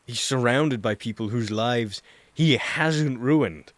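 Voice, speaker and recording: A man narrating an audiobook, reading a chapter of fan fiction in a steady, even storytelling manner. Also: mid-range voice, slow, dry recording.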